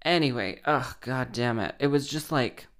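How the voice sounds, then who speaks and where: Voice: medium pitch, moderate pace, a bit bright. A wedding harpist telling an exasperated, sweary, sarcastic story in casual rant style.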